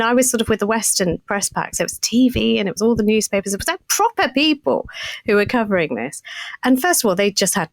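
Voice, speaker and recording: A woman in her fifties, a podcast co-host, telling a story in a casual, animated, self-mocking way and laughing often. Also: on the high side, no room sound.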